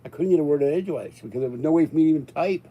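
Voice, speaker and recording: An older man hosts a live stream, rambling to his chat and reading out viewer comments, his voice climbing in exasperation before settling down. He talks very fast in a fairly high, warm voice, and the recording is rough.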